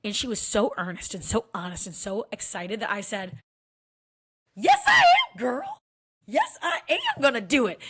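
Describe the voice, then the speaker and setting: A woman's voice: mid-range voice, a bit bright. Chatty woman in her thirties. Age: 30s. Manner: chatty and candid, with frequent "like" fillers. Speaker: vlogger. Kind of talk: casual personal vlog.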